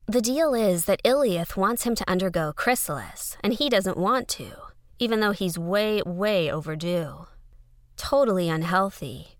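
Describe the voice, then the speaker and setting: A woman's voice: medium pitch, a bit bright, dry recording, clean studio sound. A woman narrating an audio fiction story in a conversational first-person letter style.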